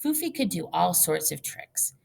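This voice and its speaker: Gravelly, low woman's storytelling voice. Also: normal speed. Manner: lively storytelling. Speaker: audiobook narrator. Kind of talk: first-person audiobook narration.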